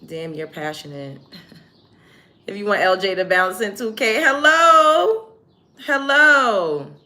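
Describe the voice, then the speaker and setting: A woman's voice: on the low side, moderate pace, a bit bright. A young woman hosting a livestream, reading chat comments aloud and answering commenters in a blunt, profane, combative way. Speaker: livestream host.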